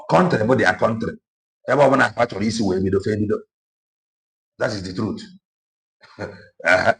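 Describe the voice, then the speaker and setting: A Nigerian man with an Igbo accent preaches his commentary in a lively, animated way. He switches languages freely and keeps throwing rhetorical questions at the listener. His voice sits somewhat low. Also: moderate pace, vocal fry, pauses often.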